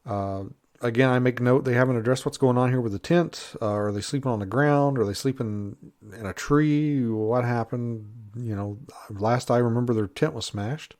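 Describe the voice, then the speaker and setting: A man's voice: medium pitch, normal speed, a little mellow. A man in casual, rambling commentary with lots of fillers, sounding a little congested. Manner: rambling, many fillers, laughs at own jokes. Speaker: Bigfoot researcher reviewing a TV show.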